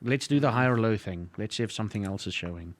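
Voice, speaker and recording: A South African man runs a tabletop game as storyteller, his voice sitting a little low. He jokes and teases the players as he narrates. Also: fast talker, no echo. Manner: joking, teasing the players. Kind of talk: running a tabletop role-playing game.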